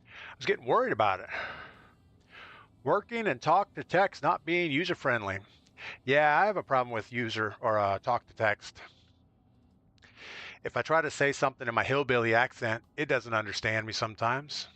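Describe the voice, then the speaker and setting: A man's voice: mid-range voice, lively intonation, normal speed, pauses often, pushed and bright, no echo. A man chatting casually with his viewers while he plays and comments on a live game stream. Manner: chatty, talks straight to viewers between plays.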